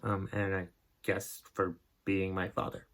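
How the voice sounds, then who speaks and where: A man's voice: sits low, completely flat delivery, measured pace, a bit bright. A man hosting a comedy podcast, ranting in a grumpy, exasperated and profane way about things that annoy him. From northern New England. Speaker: podcast host. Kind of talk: comedic rant.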